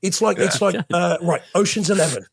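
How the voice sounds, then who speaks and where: This is an Englishman with a slightly high voice, co-hosting a casual chat show. His tone has a gravelly, husky edge, and he tells stories with a teasing streak. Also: brisk. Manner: chatty storyteller, teasing. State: has a cough. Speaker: podcast co-host.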